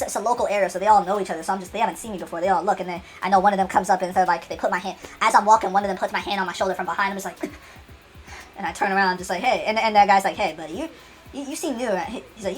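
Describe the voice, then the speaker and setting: Fast rambling woman telling a comic story. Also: medium pitch, fairly bright tone, slight background noise. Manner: rambling, restarts often, acts out dialogue.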